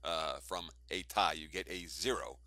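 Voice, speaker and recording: A man's voice: sits low, unhurried, a crowd in the background. A man co-hosting a sports betting show, breaking down results in chuckling, analytical talk.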